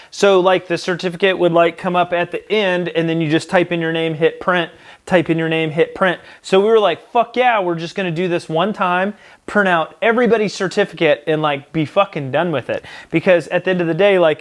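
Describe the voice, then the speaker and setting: A young man casually telling a profane, animated anecdote. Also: on the high side, smooth. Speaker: storyteller. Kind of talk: casual storytelling.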